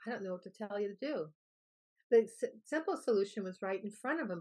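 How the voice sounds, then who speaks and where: A woman guest in a casual interview, a rambling storyteller who acts out the voices in her anecdotes. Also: medium pitch. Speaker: guest health expert.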